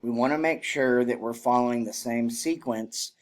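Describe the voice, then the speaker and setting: Guy teaching drill commands, mid-pitched plain voice, explains stuff then barks out the commands. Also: moderate pace. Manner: explains plainly, shouts drill commands and cadence counts in demonstrations. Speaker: drill instructor. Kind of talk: spoken lesson on military drill.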